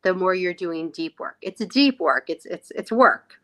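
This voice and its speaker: A woman guest on a podcast, talking reflectively and often pausing to find her words. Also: fairly low pitch, expressive, fairly bright tone. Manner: reflective, searching for words, many fillers. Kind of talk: conversational podcast chat.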